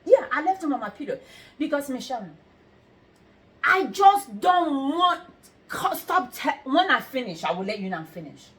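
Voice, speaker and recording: A middle-aged woman hosts a casual conversation with a slightly high voice. She tells her stories in a lively, expressive way, acting out what other people said and breaking in with exclamations. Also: moderate pace. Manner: animated storytelling, quoting others, exclamations. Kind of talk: casual chat.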